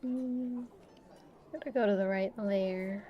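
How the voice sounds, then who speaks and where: A woman's voice: mid-range voice, steady tone, takes it slowly, muffled recording. A young adult woman streamer who chats casually while drawing, rambling and self-deprecating and laughing often.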